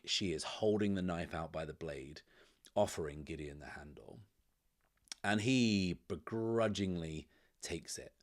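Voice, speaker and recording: A man hosting a solo tabletop game, casually narrating and explaining rules, whispering to himself as he rolls dice. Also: sits low. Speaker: host and solo game player.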